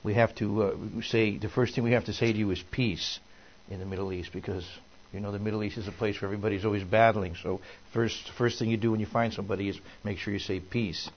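Male minister, casual folksy sermon, plenty of fillers and restarts; lowish voice, muffled lo-fi sound. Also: fairly even intonation, quick pace, hardly any pauses, slight background noise.

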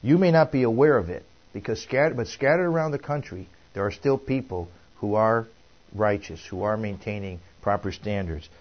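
A man preaching a Bible study, reading scripture aloud and then explaining it in a relaxed, conversational way with frequent restarts. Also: lowish voice, normal speed, muffled recording.

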